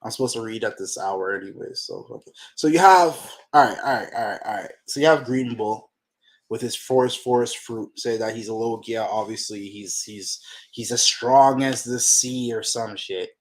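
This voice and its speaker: A man hosting a manga reaction channel, talking to himself while he reads, excitable and profane in casual reaction commentary. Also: on the low side, moderate pace.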